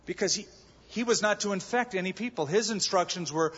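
Male pastor, sermon, slightly high voice, breathy; dull recording in a big reverberant hall. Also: moderate pace. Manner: animated preaching, acting out voices and shouts. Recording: dull, echoey large hall.

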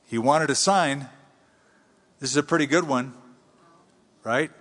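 A man preaching a conversational sermon, teaching from the Bible with animated swings between high and low. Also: measured pace. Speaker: pastor. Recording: long reverb in a large hall.

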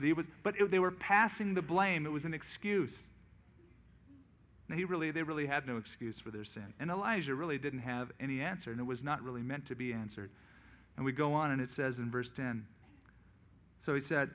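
A male pastor preaching a sermon, acting out quoted voices in lively storytelling. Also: fairly high pitch, brisk.

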